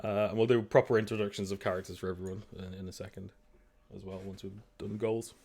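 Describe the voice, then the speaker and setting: A man's voice: low-pitched, flat delivery, fast, darkish tone. A man running a tabletop game as game master, upbeat and chatty, laughing often, on a home voice-call mic.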